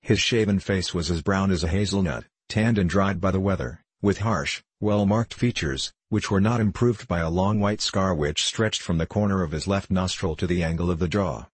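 A man narrating an audiobook in an even, measured reading. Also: low-pitched, slightly rough, no echo.

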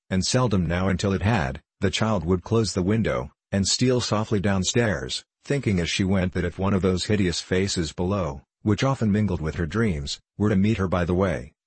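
A man reading a classic novel aloud as narrator, in measured, steady storytelling. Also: sits low, breathy edge, dry recording. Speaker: audiobook narrator.

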